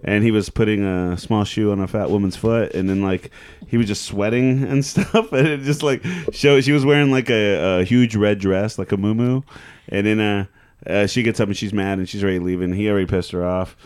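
A man's voice: lowish voice, steady tone, brisk, a little mellow, clear, resonant tone. A man co-hosting a podcast in casual chat, making self-deprecating jokes and swearing. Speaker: podcast co-host.

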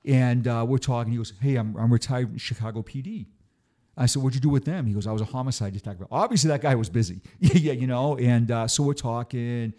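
A man's voice: medium pitch, brisk, dark tone. A middle-aged man, a retired police officer, telling stories in a casual chat, often stammering and repeating words. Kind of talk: casual storytelling.

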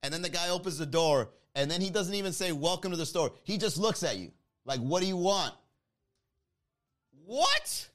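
Male podcast host, comic storyteller, slightly higher voice, lively mimicry. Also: fast talker. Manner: animated, mimics people in his story.

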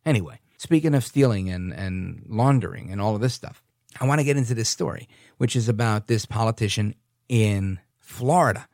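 A man hosting an opinionated political monologue, sarcastic and quick to mimic others in silly voices. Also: lowish voice, lively intonation, creaky, darkish tone, dry recording, clean studio sound. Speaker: political commentary host.

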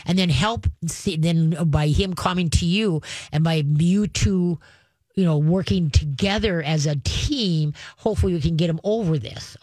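A woman's voice: on the low side, darkish tone, dry recording. A woman hosting a call-in pet advice radio show, chatty and folksy, coaching callers on dog behavior. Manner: chatty, folksy, acts out coaxing voices to the dog.

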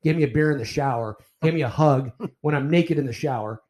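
A profane retired baseball umpire, an older man, tells animated anecdotes about umpiring in a casual podcast interview, restarting his sentences repeatedly. His voice is mid-range and brisk. There's a little hiss or hum on the recording.

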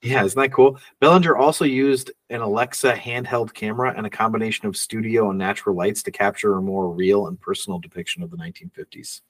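A man's voice: on the low side, fairly even intonation, quick pace, few pauses, recorded from a distance. A man co-hosting a casual film podcast, reading out trivia notes and laughing often. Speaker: podcast co-host.

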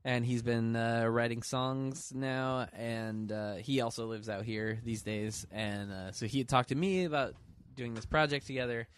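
A man's voice: medium pitch, steady tone, a little slow, hardly any pauses, smooth. A man, a musician guest on a podcast, chatting casually with a lot of hesitation and restarting. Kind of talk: casual interview chat.

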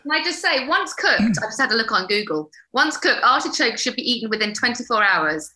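A woman co-hosting a podcast in casual chat, chatty and quick to jump in. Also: on the high side, very animated, pushed and bright, poor audio. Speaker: podcast co-host from the office.

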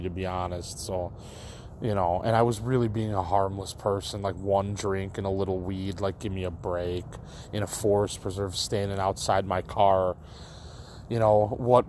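A man's voice: on the low side, a little mellow, a little hiss or hum. Rambling young man telling a story. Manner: rambling, full of likes and restarts. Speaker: storyteller addressing listeners. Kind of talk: casual storytelling monologue.

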